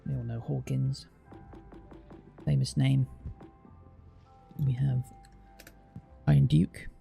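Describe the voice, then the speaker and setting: English male streamer, very gravelly and dark-toned, blunt and teasing, casual chat, faint music behind. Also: mid-range voice, flat delivery. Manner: chatty, blunt, teasing, drawn-out fillers.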